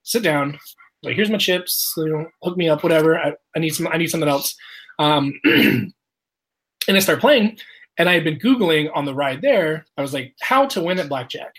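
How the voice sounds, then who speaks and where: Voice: medium pitch, lively intonation, moderate pace. A person telling a casual story, swearing often, laughing and acting out the quotes of others.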